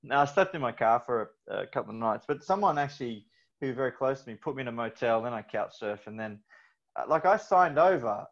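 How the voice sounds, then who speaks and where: Male host, halting and candid, slightly muffled recording. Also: medium pitch, expressive. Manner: halting, with many fillers. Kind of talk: candid personal story. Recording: slightly dull audio.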